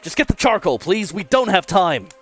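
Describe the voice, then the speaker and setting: A man's voice: mid-range voice, very animated, a little fast, a bit bright, soft background music, voice pushed up. A man voicing an impatient male emergency doctor in a horror story, snapping urgent orders. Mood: curt. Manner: curt, urgent.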